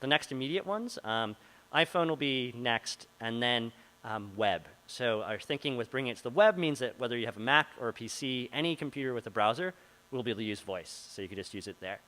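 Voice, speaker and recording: A man's voice: medium pitch, expressive, fairly quick, fairly bright tone, low-quality recording. A man presenting at a meetup, answering audience questions in a loose, chatty way with plenty of fillers. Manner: casual, filler-heavy, many likes and ums. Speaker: product manager presenting. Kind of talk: meetup Q&A talk. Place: meeting room before a live audience.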